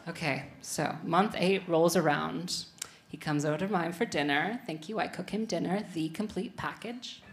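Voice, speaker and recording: A young adult woman performing a stand-up comedy set in front of a live audience, with self-mocking deadpan asides to the crowd. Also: fairly low pitch, normal speed.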